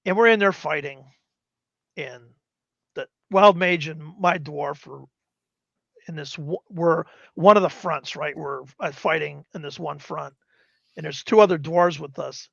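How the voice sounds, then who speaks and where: A high, gravelly voiced man in his fifties rambles through animated stories from years of tabletop gaming. The sound is dry and dull, like a lo-fi stream mic. He often slips into quick acted quotes of other players. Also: no room sound. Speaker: guest gamer. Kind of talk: casual storytelling.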